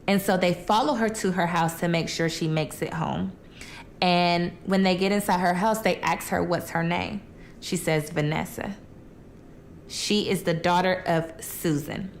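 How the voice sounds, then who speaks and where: A woman's voice: lowish voice, moderate pace, slight background noise. A young woman casually telling a true crime story while eating, chatty and colloquial, acting out the quotes.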